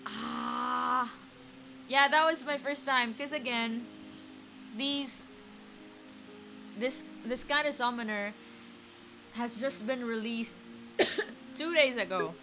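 A woman's voice: a little high, slow, creaky, pauses often, faint music behind, rough recording. A woman, chatting and reacting aloud as she streams a card game from home. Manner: chatty, excitable, reacts aloud to each play. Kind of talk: live gameplay commentary.

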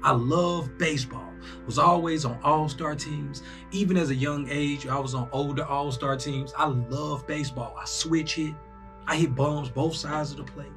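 A young man hosting a casual sports reaction video, animated and breaking into loud bursts as he talks to himself. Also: a little high, moderate pace, soft background music. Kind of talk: excited casual reaction commentary.

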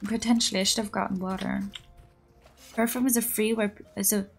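A young woman streaming a game, chatting casually with her viewers; her voice is raspy and hoarse from just waking up, and she giggles often. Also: medium pitch, flat delivery, brisk, faint music behind. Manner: bubbly, giggly, playful. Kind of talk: casual live-stream chat.

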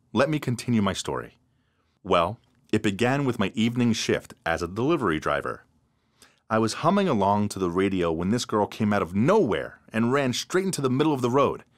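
A man narrates an animated story in the first person, his pitch rising and falling a lot. The telling is scripted and expressive.

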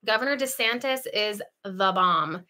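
A woman hosting a casual home livestream, reading out viewer comments and chatting with lively asides and frequent laughs. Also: medium pitch, unhurried. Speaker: livestream host.

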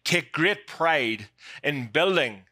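A man's voice: fairly high pitch, expressive, takes it slowly, pushed and bright, no room sound. A man with a Northern Irish accent preaching as a guest pastor, joking about himself and getting emotional. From Ireland. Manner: jokey, self-deprecating, emotional. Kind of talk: sermon. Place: church sanctuary.

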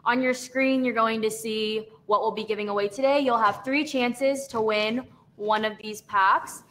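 A young woman hosting a live stream, chatting warmly as she runs through prizes and picks winners. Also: fairly high pitch, fairly even intonation, moderate pace, slight background noise. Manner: friendly, chatty, listing prizes. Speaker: brand event host.

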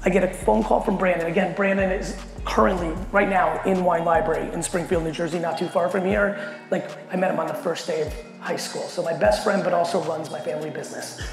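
A middle-aged man giving a blunt, animated keynote to a company audience and swearing constantly as he tells a story. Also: sits high, fairly quick, vocal fry. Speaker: keynote speaker. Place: large hall at a company event. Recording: echoey hall with faint music.

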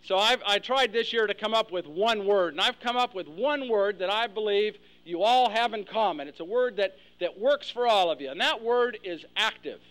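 This man from the United States entertains a luncheon crowd with jokes and character impressions, speaking at a moderate pace with hardly any pauses. His high, fairly bright voice comes through on poor audio in a hall full of listeners.

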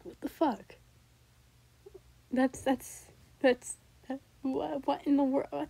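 A young woman reacting to her old raps in a casual, rambling way, switching between loud outbursts and mumbled asides. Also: sits high, slow pace, gravelly, long pauses, slightly rough, dry recording, low-quality recording.

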